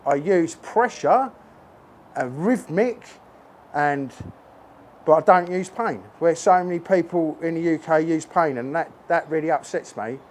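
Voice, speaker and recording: A man's voice: on the high side, unhurried, a little hiss or hum. A man working as a horse trainer, talking to camera at a stable while handling a horse, earnest and emphatic, repeating his points, recorded on a phone on a tripod.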